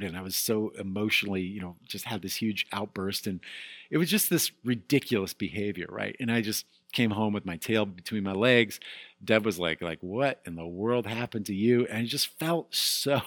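Candid middle-aged pastor preaching, dry sound. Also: male voice, fairly low pitch, fairly bright tone, no room sound. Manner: candid personal storytelling, rising to emphatic peaks. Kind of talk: sermon.

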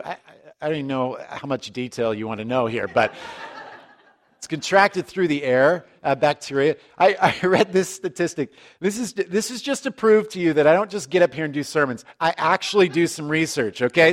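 Man, pastor, conversational sermon, higher-pitched voice, joking asides, frequent restarts.

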